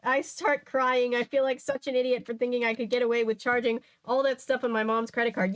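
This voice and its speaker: A woman's voice: a little high, fairly quick, few pauses. Sassy young woman reading aloud. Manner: sassy, laughing asides. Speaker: channel host reading a book aloud. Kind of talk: reading aloud with casual commentary.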